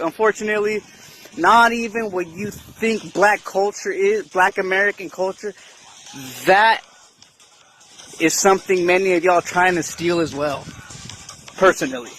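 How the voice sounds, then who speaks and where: A man talking casually and slowly, peppering his points with slang and a constant "right?". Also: high voice, fairly bright tone, slight background noise. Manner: slangy, keeps asking "right?". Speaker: commentator in a clip. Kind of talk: casual monologue.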